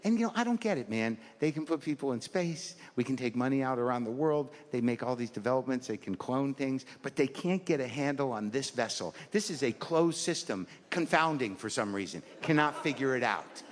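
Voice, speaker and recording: A man's voice: medium pitch, expressive, brisk, hardly any pauses. A man in his fifties performing a rambling, self-deprecating stand-up routine, acting out his inner voices. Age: 50s. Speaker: stand-up comedian. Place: comedy stage before a live audience. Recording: live stage mic in a large hall, audience noise.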